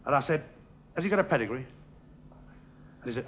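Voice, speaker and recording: A man doing a stand-up comedy routine on a theatre stage, with a bumbling, halting delivery and a giggling laugh. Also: medium pitch, lively intonation. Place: theatre stage before a live audience. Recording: archive stage recording with loud audience laughter and hiss. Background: audience laughter.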